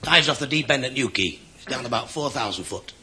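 A man telling quick deadpan jokes as a stand-up comedian, voicing the characters in his gags. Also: mid-range voice. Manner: deadpan one-liners with voiced characters. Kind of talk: rapid-fire joke telling. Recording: noisy live club recording. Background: audience laughter.

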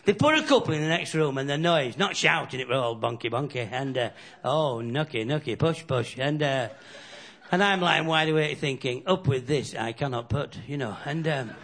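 Rough-voiced northern bloke doing bawdy stand-up, fast character bits. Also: male voice, a little high, expressive, fairly bright tone. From Northern England. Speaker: stand-up comedian. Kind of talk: stand-up routine with crowd laughter. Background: audience laughter.

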